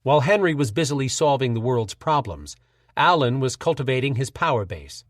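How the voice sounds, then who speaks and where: A man narrating an audiobook in a measured, steady storytelling voice. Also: medium pitch, dry recording, studio quality.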